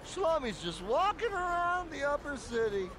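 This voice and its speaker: A man's voice: extremely high pitch, sing-song, normal speed, background noise, voice pushed up. A man voicing a gang of sneering, drunk male thugs who bully a stranger in the street. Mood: jeering. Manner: jeering, bullying.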